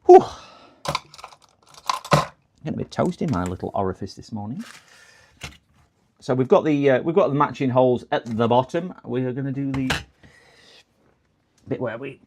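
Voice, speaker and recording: A man's voice: medium pitch, creaky, darkish tone, a little hiss or hum. Chatty man narrating a repair stream. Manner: chatty, joking, self-deprecating, talks to viewers. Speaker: laptop repair technician streaming live. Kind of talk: livestream repair commentary.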